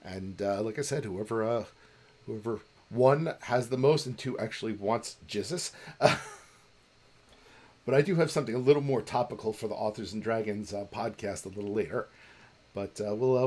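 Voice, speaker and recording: A man co-hosting a charity podcast livestream in casual chat, rambling and halting with many restarts and easy laughs. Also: on the low side, darkish tone. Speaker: podcast co-host running a charity stream.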